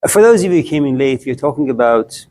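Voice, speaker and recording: A man's voice: medium pitch, expressive, fast talker, darkish tone. A man giving a live classroom lecture to students, playful and teasing, stacking up jokes through long repetition and calling on students by name.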